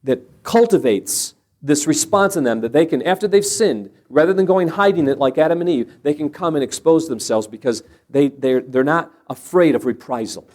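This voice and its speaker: A man's voice: fairly high pitch, animated, moderate pace, few pauses, a little mellow. A man giving an earnest sermon-style talk on parenting, telling stories and often restarting phrases as he builds his point. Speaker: Christian parenting speaker. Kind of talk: sermon-style teaching with anecdotes.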